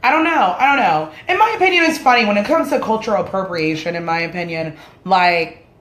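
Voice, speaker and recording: A woman's voice: mid-range voice, lively intonation, brisk, fairly bright tone. A woman whose first language is Spanish, ranting her opinions to camera in a blunt, casual way and swearing freely. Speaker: vlogger. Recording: roomy echoey room sound.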